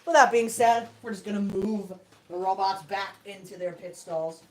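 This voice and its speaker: A woman's voice: mid-range voice, normal speed, low-quality recording. Woman, livestream host, casual, self-deprecating, chuckling, indoors at home. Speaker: host of a toy robot fight livestream.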